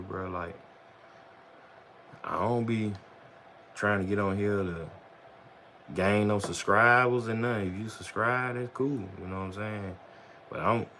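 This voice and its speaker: A man with a lowish voice talks loosely to his livestream viewers. He rambles in relaxed slang and drops "bro" and "you know what I'm saying" all the time. Faint ambient noise sits behind him. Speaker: vlogger on a livestream. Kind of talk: casual livestream chat.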